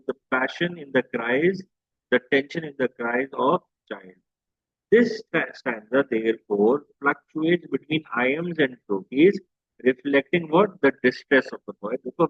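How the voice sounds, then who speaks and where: A man's voice: mid-range voice, slightly rough, no echo. A man teaching a literature lesson, mixing Hindi and English and answering his own questions. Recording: dry, tinny phone-like audio.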